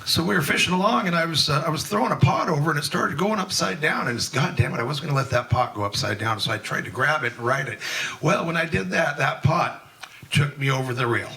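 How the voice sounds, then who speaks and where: Older man, folksy open-mic storyteller, bright voice a little off mic, rambling with fillers. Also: a little high, lively intonation, fast talker, creaky, far from the mic, low-quality recording. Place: live event in a museum hall.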